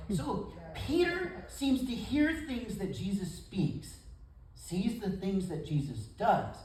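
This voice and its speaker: A male pastor delivers a folksy sermon, his pitch swinging widely as he acts out quotes in different voices. He sounds distant from the microphone, with his voice echoing around a large room. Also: darkish tone. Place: church service in a gym. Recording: echoey room from far off.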